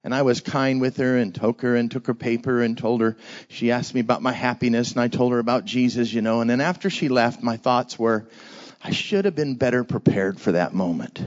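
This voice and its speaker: A man pastor giving an energetic sermon for children, drawing the audience into call-and-response and telling stories. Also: medium pitch, fairly quick, muffled recording.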